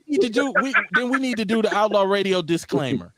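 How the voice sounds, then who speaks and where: A middle-aged man hosting a casual basement radio talk show. His voice sits high and swings widely in pitch. He swears freely and acts out the people in his stories. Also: very animated, fast talker, crowd noise. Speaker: host.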